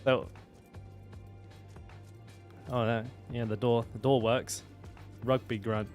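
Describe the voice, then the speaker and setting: A man's voice: medium pitch, flat delivery, slow pace, a little mellow, faint music behind. A young man chatting casually while streaming a game. He rambles, restarts his sentences and swears easily, with a faint game soundtrack behind him. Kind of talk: casual live-stream commentary.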